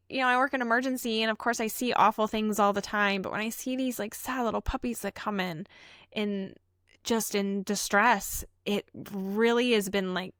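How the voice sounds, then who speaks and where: A woman's voice: a little high, fairly bright tone, dry recording, studio quality. A woman co-hosting a casual podcast, an emergency vet tech telling her stories in an earnest, heartfelt way.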